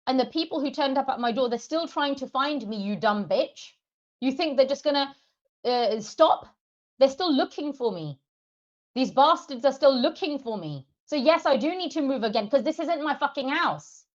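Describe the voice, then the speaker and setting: A woman's voice: high voice, animated, normal speed. Furious swearing woman ranting on a stream. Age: adult parent of two. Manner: furious, heavily profane, addresses viewers directly. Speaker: livestreamer. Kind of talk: angry livestream rant. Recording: slightly dull lo-fi stream audio.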